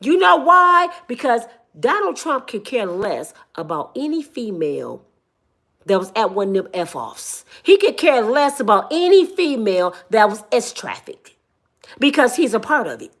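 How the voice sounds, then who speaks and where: Woman ranting, high voice, very animated pitch, emphatic and preachy, tearful edge. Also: unhurried. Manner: emphatic, preachy, repeats words for stress. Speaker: commentary vlogger. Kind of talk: impassioned commentary monologue.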